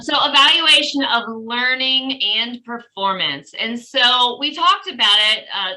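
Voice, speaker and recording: Bright-voiced woman presenting a webinar. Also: mid-range voice, rough recording. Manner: chatty and informal, with light humor. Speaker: simulation educator presenting a webinar.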